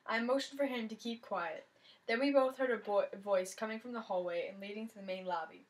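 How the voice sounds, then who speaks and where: A woman's voice: mid-range voice, a little fast, poor audio. A woman reading a mystery novel aloud, telling the story in the first person with plenty of expression. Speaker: reader of a novel.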